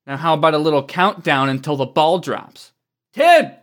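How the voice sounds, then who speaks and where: A cruel young woman villain who teases in a lilting falsetto, done by a man reading a game script. The voice jumps high and mocks at every word. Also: fairly even intonation, brisk, a bit bright, natural voice. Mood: taunting. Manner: mocking sing-song, high falsetto.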